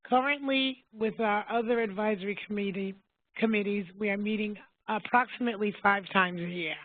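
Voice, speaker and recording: A woman giving a businesslike webinar presentation for a health plan, speaking in a measured way. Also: mid-range voice, steady tone, no echo. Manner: measured, businesslike, asks for next slide. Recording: dry tinny phone line.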